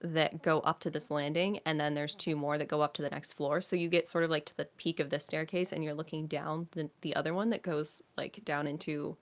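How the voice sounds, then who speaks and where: A woman's voice: sits low, flat delivery, a little fast, few pauses. A woman narrating as game master for a tabletop game, describing scenes with many fillers and hesitations.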